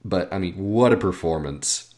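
A man's voice: low-pitched, lively intonation, normal speed, a little mellow. A man co-hosting a casual film podcast, talking with frequent hesitations and restarts. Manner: hesitant, many restarts and fillers. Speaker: podcast co-host.

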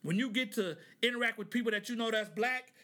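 A man in his thirties hosts a casual podcast, riffing in a loose, joking way and laughing between his points. His voice sits high and sounds bright and sharp. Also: quick pace. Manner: animated, joking, laughs often, reads articles aloud with asides. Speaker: podcast host. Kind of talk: casual comedic commentary.

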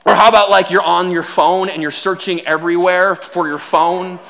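Man, pastor, humorous sermon, high voice, animated, repeats words. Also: moderate pace.

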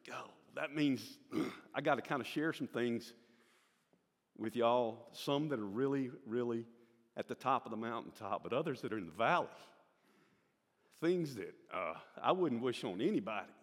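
An older man with a Southern American accent shares his personal testimony in a church, speaking at an ordinary middle pitch. He tells his stories in a folksy way and acts out the voices of the people in them. His voice carries the long reverb of a large sanctuary. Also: animated, moderate pace. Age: 60s.

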